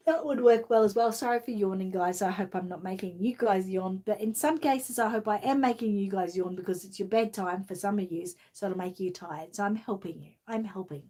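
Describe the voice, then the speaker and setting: An Australian livestream host with a mellow, mid-range voice talks at a moderate pace. Her casual chat rambles drowsily and is heavy with fillers, and afterward she reads aloud from a children's storybook.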